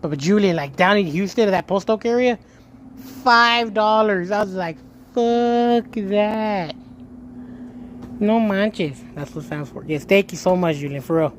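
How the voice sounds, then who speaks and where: A young man livestreaming and chatting casually to his viewers. He tells stories in a lively way, swears and then corrects himself, and thanks a donor with a lot of emotion. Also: high-pitched, moderate pace, slight background noise. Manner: animated storytelling, swears and self-corrects, emotional gratitude.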